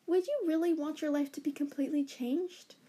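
A woman with a very high, bright-pitched voice chats casually as a podcast co-host. She rambles through a film recap, giggling and tossing in quick asides. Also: fairly even intonation, slight background noise. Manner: giggly, chatty, rambling retelling.

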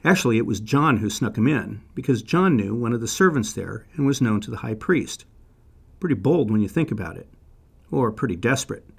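A man's voice: mid-range voice, lively intonation, fairly quick, vocal fry. A man telling a Bible story sermon-style in a wry, conversational way with dry asides, lifting his voice for quoted lines.

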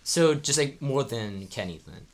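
A man's voice: mid-range voice, lively intonation, unhurried. Teasing young man as a podcast guest. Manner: teasing, easygoing. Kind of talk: casual joking chat.

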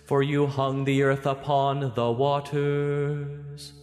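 A man reading and chanting liturgical prayers as a church reader, in a steady, even intoning voice. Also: mid-range voice, takes it slowly, faint music behind. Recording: long church reverb.

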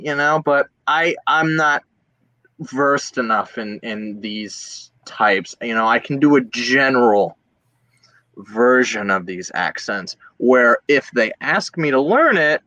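Young male actor from Virginia Beach, bright forward tone, loose and chatty, dry close sound. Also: mid-range voice, no echo, low-quality recording. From Virginia Beach, USA. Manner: chatty, many fillers and restarts. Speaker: guest actor. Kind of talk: casual interview chat.

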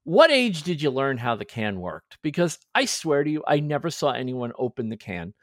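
Animated man telling stories on a podcast. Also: mid-range voice, normal speed, no echo, studio quality. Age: 40s. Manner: animated storyteller, acts out quoted voices. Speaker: podcast host. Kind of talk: casual chat.

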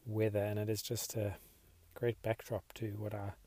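A man hosting a podcast, leading listeners in a slow, reflective devotional meditation. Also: on the low side, completely flat delivery, no echo. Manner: slow, reflective, soft-spoken. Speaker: podcast host.

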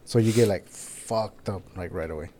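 A man's voice: fairly low pitch, normal speed, dark tone. A young man co-hosting a podcast, talking in crude casual banter, swearing often and laughing as he tells stories. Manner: profane, storytelling, laughs often. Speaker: podcast co-host.

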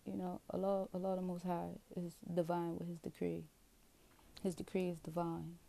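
A woman talking straight to her viewers in a rambling, profane, self-questioning confessional. Her voice is dark and gravelly with heavy vocal fry. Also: on the low side, flat delivery, normal speed. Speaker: vlogger. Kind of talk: candid confessional monologue.

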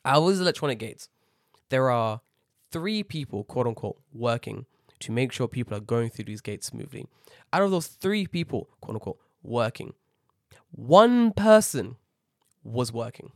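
A man telling an animated, heavily sworn rant about an airport in a casual chat, acting out the people he met. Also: mid-range voice, moderate pace, no room sound, clean studio sound. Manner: animated ranting, swears a lot, acts out people.

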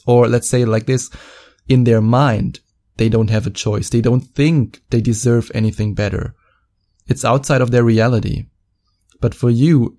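A man's voice: mid-range voice, dark tone. A man working as a dating coach, telling a story to camera in a mocking, profane way and stretching out words for emphasis.

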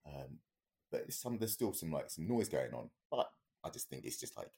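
A man's voice: very deep voice, very animated, moderate pace, dark tone. A man, a podcast co-host, telling a story in a rambling, casual way with many fillers and restarts.

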